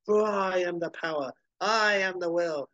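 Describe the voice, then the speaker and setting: A man's voice: high voice, unhurried, pushed and bright, dry recording, dull audio, pitched above the performer's own voice. A man voicing a grandiose, boastful mad-scientist villain with a brain in a dome, ranting pompously. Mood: gloating.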